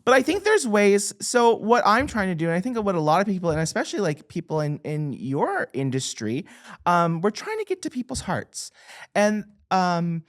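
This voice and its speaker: Animated guest author, lively pitch. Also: normal speed. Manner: animated, self-deprecating humor, laughs often. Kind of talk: conversational interview.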